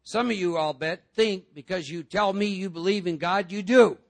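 A man with a high, gravelly voice talks to a recovery group in a lively, joking way. He acts out other voices and pulls the room along with questions. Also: moderate pace. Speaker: recovery meeting speaker.

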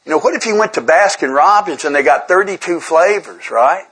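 Husky-voiced man giving a candid talk. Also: fairly high pitch, expressive, fairly quick, a bit bright, low-quality recording. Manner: conversational and self-deprecating, often repeats words while restarting. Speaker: speaker sharing at a twelve-step recovery workshop. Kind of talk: candid recovery talk to a group.

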